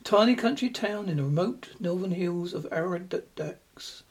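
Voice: mid-range voice, moderate pace, slightly rough. A reader narrating a short story aloud, with an uneven pace and occasional restarts.

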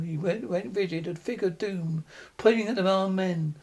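A man's voice: sits high, moderate pace, darkish tone. A man narrating a dramatic story aloud.

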